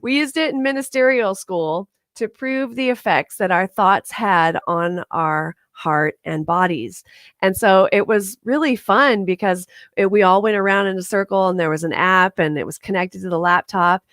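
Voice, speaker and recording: A woman's voice: medium pitch, normal speed, a bit bright, dry recording, studio quality. A woman reverend giving a conversational sermon to her congregation, often chuckling and asking "right?".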